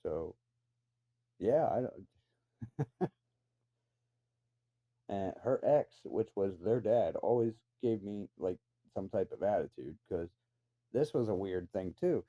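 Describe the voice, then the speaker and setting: A man rambles through a personal story in a casual way, swearing and tossing in incredulous asides. His lowish, warm voice is expressive and slow, with long pauses. The recording sounds dull and lo-fi.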